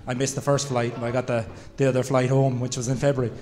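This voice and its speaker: A man's voice: medium pitch, flat delivery, a little mellow, slight background noise. Irish man spinning a chatty house story. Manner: laughing, chatty, quick bursts. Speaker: former player, guest. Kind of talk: casual storytelling at a live podcast show.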